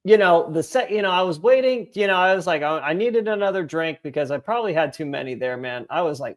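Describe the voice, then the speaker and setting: A man's voice: fairly high pitch, expressive, fast talker, few pauses. A young man co-hosting a sports podcast, telling rambling, profane stories full of fillers in casual chat. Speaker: podcast co-host.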